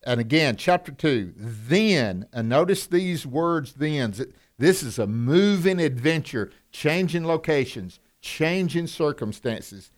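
A man's voice: a little high, animated, takes it slowly. A man co-hosting a conversational Bible teaching, folksy, asking his listeners questions, with moments of passion. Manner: folksy, asks questions, turns passionate at times.

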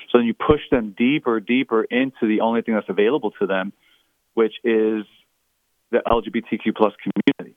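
A man's voice: on the low side, level tone, brisk, no echo. Man on a tinny phone line. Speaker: pastor and author. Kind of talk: interview guest explaining his views.

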